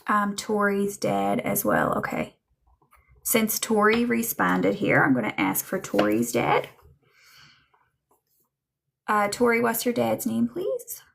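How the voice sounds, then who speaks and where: A woman doing a live psychic reading for chat viewers, slow and musing, with many ums and trailing thoughts. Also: medium pitch, sing-song, vocal fry, a bit bright, slight background noise. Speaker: psychic medium.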